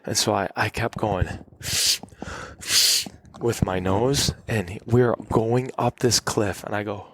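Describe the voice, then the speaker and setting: A man telling hunting stories in a relaxed, animated podcast conversation, acting out the people in his tales. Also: fairly low pitch, slow, a little hiss or hum. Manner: animated, acts out quotes. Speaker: guest hunter. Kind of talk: casual storytelling. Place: cabin.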